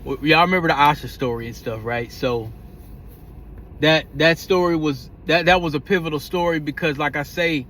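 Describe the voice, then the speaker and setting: A man's voice: fairly high pitch, moderate pace, fairly bright tone. A man talking casually in a vlog, rambling with slang and frequent stumbles and repeated words. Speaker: vlogger.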